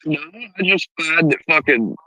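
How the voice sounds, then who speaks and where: A man's voice: a little high, animated, normal speed, sharp tone, dry recording. A man hosting a live stream, arguing angrily and confronting the other speaker with heavy profanity. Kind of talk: heated live stream argument. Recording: muffled lo-fi mic.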